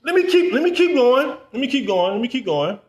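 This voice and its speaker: Man with a really high lively voice cussing out his followers, echoey room. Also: brisk, lo-fi sound. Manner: profane, repetitive, exasperated ranting. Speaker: business coach. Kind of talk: ranting vlog.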